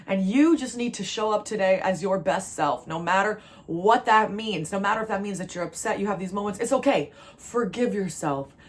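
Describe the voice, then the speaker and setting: A woman's voice: mid-range voice, normal speed, hardly any pauses. Emotional woman tarot reader, emphatic. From New Jersey. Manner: emphatic and repetitive, calls the listener "baby". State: emotional, near tears. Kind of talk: spiritual pep talk to camera.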